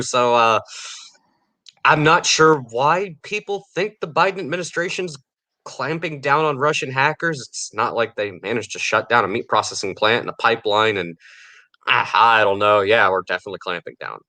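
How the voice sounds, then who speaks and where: A man's voice: medium pitch, moderate pace, sharp tone. A man co-hosting a casual podcast, giving sarcastic political opinions and laughing between points. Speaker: podcast co-host.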